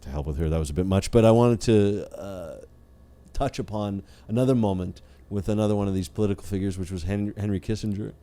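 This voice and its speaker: Lowish dark-voiced guy chatting on a podcast, wry and skeptical, lots of ums and uhs. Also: fast talker. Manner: wry, critical, hesitant with many fillers. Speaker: podcast co-host. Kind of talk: casual chat.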